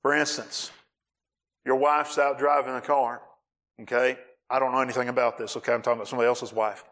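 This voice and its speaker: A male pastor preaching a sermon on marriage, animated, acting out scenes and raising his voice for emphasis. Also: mid-range voice, brisk.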